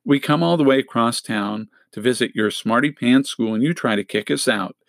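A man's voice: medium pitch, normal speed, vocal fry, dry recording, lightly acted. Male reader voicing a sarcastic teen boy, drawling and mocking, dry booth sound. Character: cocky teenage boy troublemaker, mocking.

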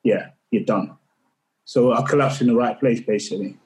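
A middle-aged man speaks candidly in a podcast interview. He is earnest and tells his story with restarts and repeated words. His pitch sits mid-range for a man. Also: moderate pace, darkish tone, poor audio. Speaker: podcast guest.

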